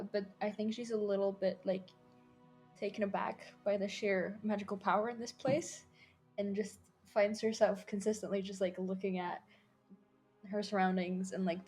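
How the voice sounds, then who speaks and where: A woman's voice: medium pitch, darkish tone. Joking woman tabletop player. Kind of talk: casual tabletop play.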